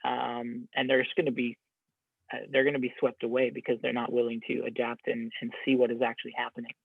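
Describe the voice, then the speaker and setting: A man's voice: mid-range voice, completely flat delivery, brisk, gravelly, breathy edge, dry recording. A man in a casual podcast conversation, talking in a reflective, rambling way with many restarts. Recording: dry, phone-like narrow sound.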